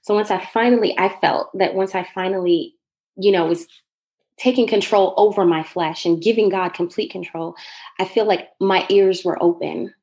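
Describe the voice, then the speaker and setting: A woman from Jamaica with a Jamaican accent softened by a slight Southern drawl, an earnest podcast guest telling her faith story and laughing often. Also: medium pitch, moderate pace. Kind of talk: testimony in casual chat.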